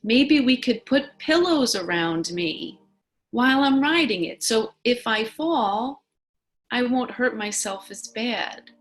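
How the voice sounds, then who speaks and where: A woman voicing a small, timid girl learning to ride a bike, in a high, hesitant childlike voice. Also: animated, takes it slowly.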